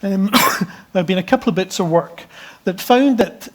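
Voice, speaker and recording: A man's voice: sits high, moderate pace, a bit bright. Hesitant Scottish man presenting to experts. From Scotland. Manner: hesitant, many restarts and fillers. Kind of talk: conference presentation.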